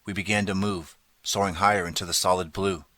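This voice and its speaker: A man narrates a children's story in the first person with dramatic, lively storytelling. His voice is low but bright and forceful. The recording is dry and close. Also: fairly quick, no room sound. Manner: dramatic storytelling, turns pleading for the boy's lines. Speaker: audiobook narrator.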